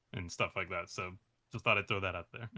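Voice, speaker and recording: A man talking casually about his animation projects in an interview, hesitant with many fillers and soft laughs. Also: sits low, steady tone, moderate pace. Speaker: animation creator, interview guest.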